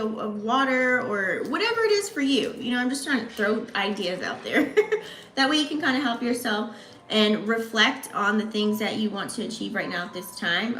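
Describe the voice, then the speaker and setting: Bright-voiced woman giving a slangy astrology reading. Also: a little high, slight background noise. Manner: slangy, chatty, addresses viewers directly. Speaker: astrology channel host. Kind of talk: casual astrology reading to camera. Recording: echoey room.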